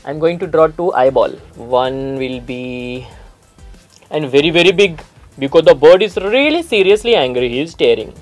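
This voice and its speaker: A man's voice: on the high side, expressive, moderate pace, faint music behind, close to an everyday voice. A man putting on a playful regional Indian accent as a chatty male makeup teacher, giving step-by-step instructions and stacking up "we are ...-ing" phrasing. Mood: playful teaching. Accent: regional Indian, put on. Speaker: makeup artist. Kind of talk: face-painting tutorial.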